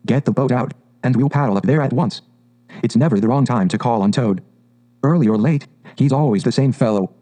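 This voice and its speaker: A man voicing a cheerful, good-natured male water rat from a storybook, talking in a brisk, hearty, chatty way. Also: medium pitch, mellow, natural voice, low-quality recording.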